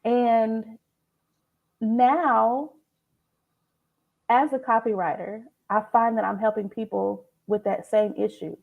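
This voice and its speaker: A woman's voice: a little high, slow pace, gravelly, pauses often, narrow, tinny audio. A woman copywriter, telling stories animatedly as a guest in a casual chat. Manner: animated storytelling.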